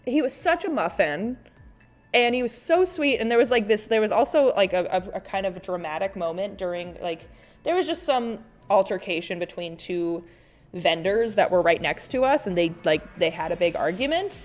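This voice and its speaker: A woman's voice: mid-range voice, lively intonation, normal speed, soft background music. A woman hosting a casual art livestream. She rambles with many fillers and restarts, reads viewer chat aloud, and calls people "sweet bean" and "honey.". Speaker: artist and livestream host.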